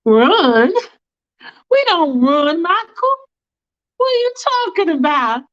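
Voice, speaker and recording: A woman voicing a brash, sharp-tongued churchgoing businesswoman who turns cold and defiant. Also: high voice, sing-song, slow, pitched above the performer's own voice, full character voice. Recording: dull lo-fi recording.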